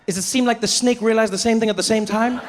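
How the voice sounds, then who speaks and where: A man performing stand-up comedy, telling a story in an animated way. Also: high-pitched, quick pace, slight background noise. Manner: animated, big voice swings for characters.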